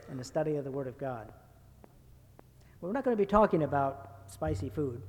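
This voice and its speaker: A man's voice: on the high side, darkish tone. A man preaching a sermon as a guest speaker, folksy and anecdotal, joking with the congregation before moving into Scripture. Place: church sanctuary. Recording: long church reverb.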